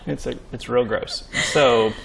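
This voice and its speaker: A man's voice: mid-range voice, a little slow, vocal fry, slight background noise. A man co-hosting a podcast in casual chat, joking and acting out voices as he tells stories. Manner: joking, animated, acts out quoted voices. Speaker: podcast co-host and producer.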